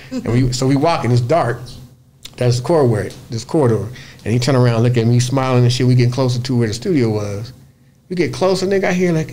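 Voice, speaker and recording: A man who plays bass, guest on a radio interview, telling a story in a lively, profane way, acting out other people's voices and humming bass lines. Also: fast talker. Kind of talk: animated storytelling in casual interview. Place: radio studio.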